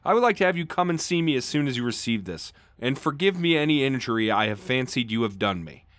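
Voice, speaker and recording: Man reading as a vengeful, unhinged condemned killer, yelling threats, dry close sound. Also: mid-range voice, animated, no room sound, lightly acted. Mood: mock sincere. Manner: shouting threats, rising and fast. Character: spiteful condemned male murderer, taunting, unhinged.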